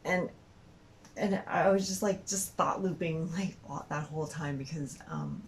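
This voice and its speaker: Low, gravelly woman telling a story. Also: a little slow, slight background noise, low-quality recording. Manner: rambling, many fillers and restarts, laughs often. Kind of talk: casual storytelling.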